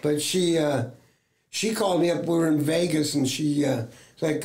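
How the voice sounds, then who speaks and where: A man's voice: on the high side, moderate pace, darkish tone. A middle-aged man from the United States, a talent agent, telling rambling anecdotes in casual chat and acting out what others said. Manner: rambling, acts out quoted voices, many fillers. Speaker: talent agent, interview guest.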